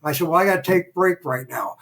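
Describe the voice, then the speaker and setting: Older man, animated raconteur. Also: a little high, fairly quick, creaky. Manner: animated raconteur who acts out quoted dialogue. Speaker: podcast guest. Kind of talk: casual interview storytelling.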